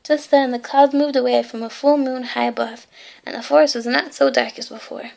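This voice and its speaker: A woman reads a bedtime story aloud, gently and with small asides. Her voice sits high and has a noticeable gravelly fry. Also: fairly even intonation, a little fast. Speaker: reader.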